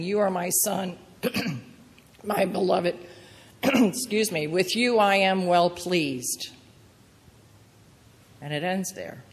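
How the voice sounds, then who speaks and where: A woman preaching a sermon, earnest and gentle, her voice sitting on the lower side. The sound carries a long reverb as if from a church hall. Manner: earnest, gentle storytelling with quoted prayers.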